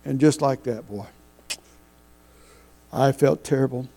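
A middle-aged man preaching a sermon, telling folksy stories with halting restarts. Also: mid-range voice, gravelly, warm tone, poor audio. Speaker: pastor.

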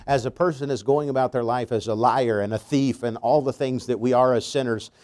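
A pastor preaching a sermon with slow, emphatic stresses and storytelling asides, a man. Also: medium pitch, fairly even intonation, a little mellow.

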